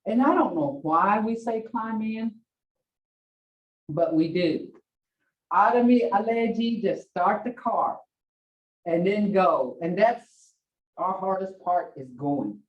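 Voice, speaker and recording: An older woman teaches in a slow, unhurried way, chatting through family stories and laughing often. She sounds far from the mic, with a dull, roomy echo around her voice. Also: on the low side, expressive. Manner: chatty storytelling, laughs often, acts out bossy commands. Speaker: language teacher. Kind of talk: casual classroom teaching. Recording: distant, echoey, dull classroom audio.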